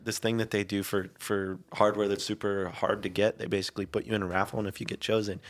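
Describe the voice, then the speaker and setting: Low-voiced man telling a story animatedly. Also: quick pace. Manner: animated storyteller, acts out quoted friends. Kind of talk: casual chat.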